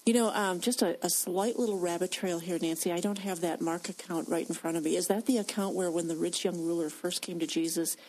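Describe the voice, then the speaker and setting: Earnest woman, low voice. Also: steady tone, a little fast, hardly any pauses, a little mellow, low-quality recording. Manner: earnest, many hesitant fillers. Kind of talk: Christian discussion.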